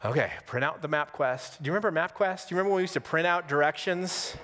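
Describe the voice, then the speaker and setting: Conversational pastor in a reverberant church. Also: male voice, on the high side, a bit bright, a little hiss or hum. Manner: conversational, humorous, with dramatic pauses. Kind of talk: sermon. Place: church sanctuary on Easter Sunday.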